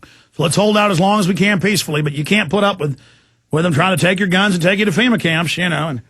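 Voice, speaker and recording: A man's voice: high-pitched, fast talker, a bit bright, no echo, clean studio sound. A man hosting a political talk show, delivering an impassioned, ranting monologue.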